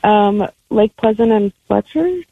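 A woman's voice: mid-range voice, animated, unhurried, gravelly, no room sound. A woman calling in to a radio show, hesitant and giggly, heard over a tinny phone line. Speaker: caller.

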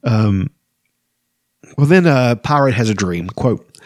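A man's voice: fairly low pitch, animated, unhurried, no room sound, studio quality. A man hosting a casual book podcast, reading passages aloud and rambling between them with frequent ums and you-knows. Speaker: book discussion podcast host.

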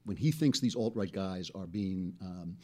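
A man hosting a casual political commentary show, talking in an animated, chatty way and laughing between points. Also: low-pitched, unhurried. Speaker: host.

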